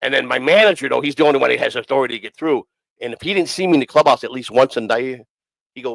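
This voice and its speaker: Man, quick rambling storyteller, swears constantly, middle pitch, dry close sound. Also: vocal fry, a bit bright, dry recording, rough recording. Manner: profane, rambling, repeats himself. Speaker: podcast host. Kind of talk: casual storytelling.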